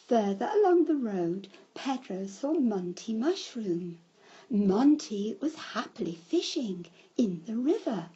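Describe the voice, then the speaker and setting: A woman reads a children's story aloud at an unhurried pace, her pitch rising and falling all through. Her voice is a little husky. The recording sounds muffled and lo-fi. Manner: slow, lively storybook telling with shouted character cries.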